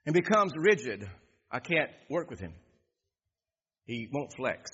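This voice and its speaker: A pastor preaching a sermon, reading scripture and repeating phrases for emphasis. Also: male voice, medium pitch, very animated, unhurried, fairly bright tone, breathy edge. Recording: dull echoey hall.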